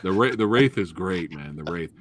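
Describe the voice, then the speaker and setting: A man hosting a casual movie review chat, excitable and slangy, calling his guest dude and bro. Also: sits low, normal speed, dry recording. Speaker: host. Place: live stream, reading chat.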